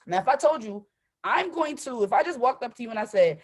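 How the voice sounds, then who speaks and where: A woman hosting a live motivational call as a trading coach, emphatic and animated, tagging nearly every sentence with "right?". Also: a little high, a little fast. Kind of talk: live-streamed motivational talk.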